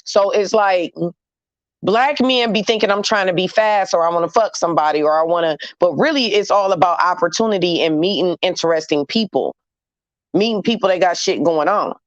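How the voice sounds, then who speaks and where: A woman's voice: on the low side, brisk, no room sound, lo-fi sound. A woman hosting a casual chat with her audience, talking in a blunt, candid and slangy way. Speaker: host talking to viewers.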